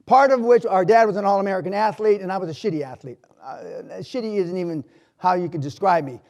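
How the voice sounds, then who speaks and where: An older man giving a live motivational talk in a university hall, telling stories bluntly and with swearing, swinging from loud to quiet. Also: sits high, fast talker. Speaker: motivational speaker.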